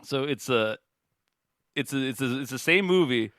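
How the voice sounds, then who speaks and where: A man co-hosting a comedy podcast, pitching crude jokes and tripping over his words. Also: expressive, moderate pace, fairly bright tone, dry recording, clean studio sound. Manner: crude, joking, tumbling words. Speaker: podcast co-host. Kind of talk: casual comedic chat. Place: podcast studio.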